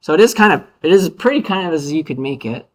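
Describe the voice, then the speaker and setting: A man's voice: fairly high pitch, expressive, quick pace. A male university lecturer giving a casual, upbeat classroom lecture with playful asides.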